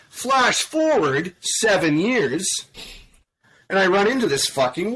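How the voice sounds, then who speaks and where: With a high, slightly rough voice at a measured pace, the Canadian panel guest recounts his army tale around the podcast table. He keeps it profane and animated, voicing each line of dialogue himself.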